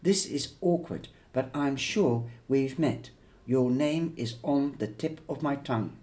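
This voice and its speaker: Man reading awkward polite young guy, apologetic, a bit higher, slow. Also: warm tone, natural voice.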